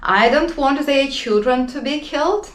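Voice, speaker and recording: A woman's voice: high voice, normal speed, echoey room, low-quality recording. Sarcastic Ukrainian-accented woman. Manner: mocking, passionate, sarcastic. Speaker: channel host. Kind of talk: sarcastic commentary to camera.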